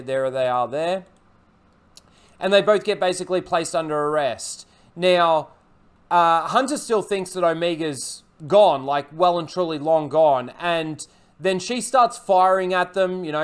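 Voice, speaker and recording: A man with a high, smooth voice talks through an episode review in a loose, rambling way. He leans on fillers as he recaps, then turns bluntly critical and swears without holding back. It sounds like an off-the-cuff recap and review. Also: a little slow.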